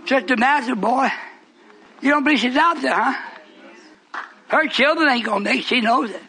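A man preaches a fiery sermon in a very high, bright voice, dropping to low murmurs and then climbing into shouted declarations. Faint room ambience sits behind him. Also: moderate pace, a little hiss or hum, rough recording.

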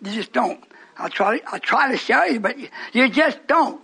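An older male preacher delivers a fervent, rambling radio sermon to a church congregation. His voice sits very high and sounds husky and breathy. He drifts into stories and asides as he goes. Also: animated, normal speed, pushed and bright.

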